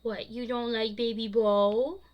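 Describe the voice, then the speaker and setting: A woman's voice: fairly high pitch, little pitch movement, measured pace, lo-fi sound, lightly acted. A woman voicing a playful, lovestruck teenage boy, slipping into silly baby talk. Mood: goofy.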